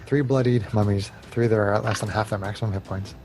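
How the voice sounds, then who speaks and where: A gravelly, low-voiced man runs the tabletop session as game master, calmly calling out hits and damage with frequent chuckles. Soft music plays underneath his voice on the video call. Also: quick pace. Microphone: video call headset or desk mic.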